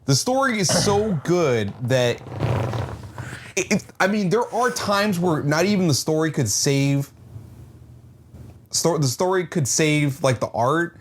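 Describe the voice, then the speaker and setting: A man's voice: fairly high pitch, expressive, slow, pauses often. A man in casual chat about a comic book, swearing, laughing and rambling through his points. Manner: profane, laughing, rambling asides.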